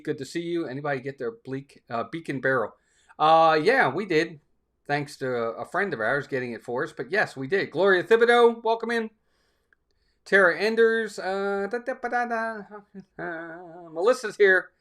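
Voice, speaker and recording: A man's voice: a little high, pushed and bright. A man hosting a live stream in a casual, upbeat way, greeting chat viewers one by one by name.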